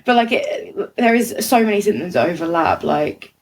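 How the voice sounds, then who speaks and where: A young woman, co-hosting a podcast in rambling casual chat, full of "like" and quick laughs. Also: mid-range voice, lively intonation, crowd noise, low-quality recording. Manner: rambling, lots of "like", laughs often. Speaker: podcast co-host.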